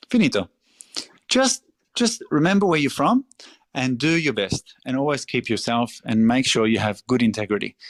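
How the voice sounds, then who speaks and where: A middle-aged restaurateur from Australia speaks as a podcast guest in a medium-pitched voice, captured cleanly in a studio with no room sound. He's passionate and emphatic, with repeated phrases and free swearing.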